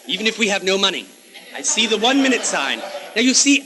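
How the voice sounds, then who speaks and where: A man's voice: high-pitched, sing-song, brisk, a crowd in the background. Theatrical campy man with airs. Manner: grandly haughty, mock-aristocratic, theatrical; sprinkles in affected French phrases. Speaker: host of a comedy cable show. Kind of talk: campy comic monologue.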